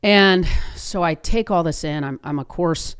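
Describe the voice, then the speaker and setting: A woman in her fifties hosts a podcast, speaking smoothly and a little slowly in a fairly low voice. She tells a personal story with earnest, conversational warmth and keeps restarting her thoughts.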